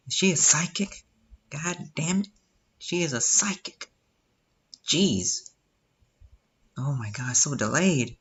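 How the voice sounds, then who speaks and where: A man's voice: on the high side, animated, takes it slowly, long pauses, fairly bright tone, husky. A young man casually reading a visual novel aloud, breaking off with joking asides. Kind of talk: casual live game reading.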